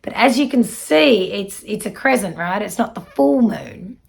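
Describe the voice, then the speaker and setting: A middle-aged woman, giving a spiritual card reading in a soft, earnest, reassuring way with many fillers. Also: mid-range voice, animated, a little slow, vocal fry. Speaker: psychic card reader.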